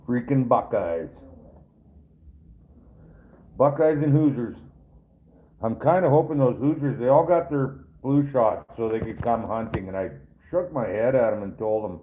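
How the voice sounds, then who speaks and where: A man's voice: mid-range voice, a little slow, pauses often, slight background noise. A man hosting a casual live stream as a trapper, chatting with viewers in a rambling, folksy, joking way. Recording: tinny phone-like sound.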